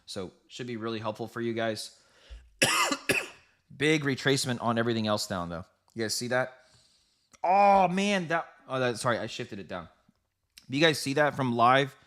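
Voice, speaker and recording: His medium-pitched voice is bright and forceful, with lively intonation at a normal speed. As host of a live trading stream, he chats with viewers about the markets, laughing frequently and speaking right to them.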